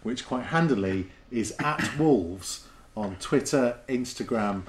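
Casual male podcast host, teasing and chatty, mid-pitched. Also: expressive, slow pace, slight background noise. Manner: chatty, joking, self-mocking.

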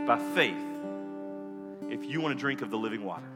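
A man preaching a sermon as pastor, his delivery rising from hushed prayer to impassioned appeal. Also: mid-range voice, expressive, fairly quick, pauses often. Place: church sanctuary. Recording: music, long hall reverb.

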